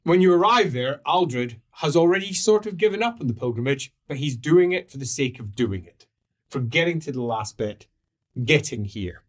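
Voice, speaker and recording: A man narrating a tabletop game as game master, in an animated, playful way. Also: on the high side, moderate pace.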